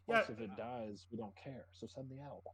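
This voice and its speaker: A man's voice: mid-range voice, expressive, normal speed, a bit bright, breathy edge, poor audio. A man talking casually as a player in a tabletop game, chatty and repeating words as he starts sentences.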